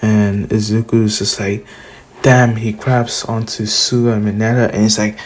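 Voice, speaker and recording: Slow, husky man rambling a fan story. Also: on the low side, little pitch movement. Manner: rambling, full of fillers and restarts, chuckling. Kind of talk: casual fan story narration.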